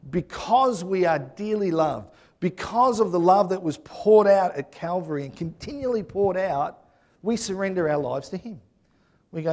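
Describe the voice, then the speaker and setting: A man's voice: high-pitched, lively intonation, normal speed, a little mellow. A man preaching a sermon in a conversational way, often checking in with the congregation by asking "yeah?".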